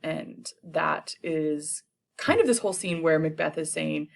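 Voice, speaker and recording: Her voice deep and laced with vocal fry, a young teacher walks students through a play in casual slang, with lively intonation and brief, playful character impressions.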